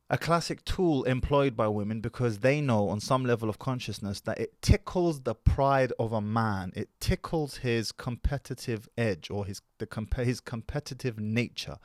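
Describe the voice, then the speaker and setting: A man hosting a commentary channel who lectures his audience at a measured pace. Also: mid-range voice, no room sound, clean studio sound. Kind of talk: commentary video monologue.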